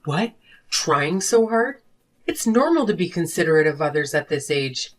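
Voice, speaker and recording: A woman voicing a furious wife and mother who confronts her selfish husband in an animated drama. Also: low voice, normal speed. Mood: confrontational. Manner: sharp, accusing, confrontational. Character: fed-up wife and mother demanding divorce. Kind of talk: animated story voice acting.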